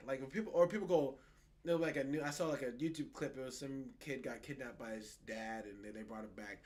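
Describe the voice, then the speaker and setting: A young man co-hosting a podcast in casual political chat, animated and profane, often mocking other people's words. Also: medium pitch, brisk. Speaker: podcast co-host.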